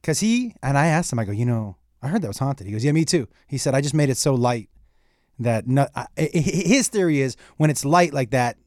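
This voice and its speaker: A man's voice: medium pitch, a little fast, no room sound, studio quality. A middle-aged man, a comedian, telling a story in a casual chat, acting out the dialogue and swearing freely. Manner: animated storyteller, acts out dialogue, profane. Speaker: comedian guest.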